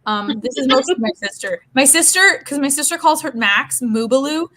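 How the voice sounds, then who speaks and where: A woman hosting a casual group video chat, talking in a chatty, animated way. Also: high voice, moderate pace, rough recording. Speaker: host.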